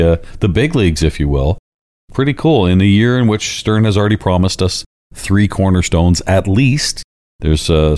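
Very deep-voiced Canadian man. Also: mellow, dry recording. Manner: enthusiastic, easygoing, uses fillers like "if you will". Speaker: podcast co-host. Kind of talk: casual chat.

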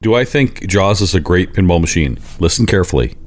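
A man with a low-pitched, animated voice and a Canadian accent talks fairly quickly. He co-hosts a podcast, chatting casually, joking around and swearing.

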